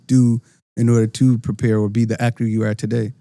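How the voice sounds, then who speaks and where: A man hosting a podcast, relaxed and affirming as he asks follow-up questions. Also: mid-range voice, a little fast, no room sound, studio quality. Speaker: podcast host. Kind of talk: casual podcast interview.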